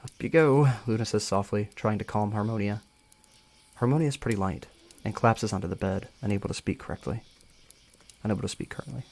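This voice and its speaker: A man with a fairly low voice reads a fan story aloud on a live stream. He keeps it casual, tripping over words now and then and going back to reread them. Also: fast, a little mellow. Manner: casual, stumbles and rereads lines. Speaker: story reader.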